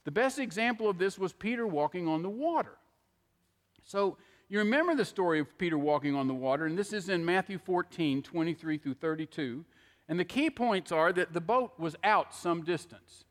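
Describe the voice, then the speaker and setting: A middle-aged pastor delivers a conversational sermon at a normal pace, his high-pitched voice full of lively intonation as he keeps checking in with an "okay?". He speaks into a handheld microphone, and a long hall reverb trails his words.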